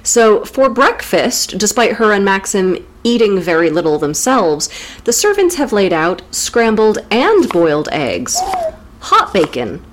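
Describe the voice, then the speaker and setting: A woman's voice: mid-range voice, big pitch swings, measured pace. A woman co-hosting a podcast, recapping a classic novel in casual, jokey chat with frequent laughs. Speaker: podcast co-host.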